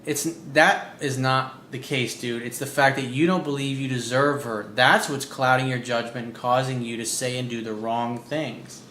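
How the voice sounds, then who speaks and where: A man's voice: mid-range voice, steady tone, moderate pace, few pauses, fairly bright tone. A man working as a dating coach, reading out a viewer's email and breaking in with blunt, profane, emphatic comments. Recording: roomy with faint background noise.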